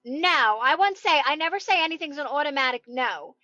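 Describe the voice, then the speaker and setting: A woman coaching viewers in a casual live-stream chat, talking loudly and emphatically in a reassuring way. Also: sits high, expressive, brisk, no echo, muffled recording. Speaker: manifestation coach. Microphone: phone.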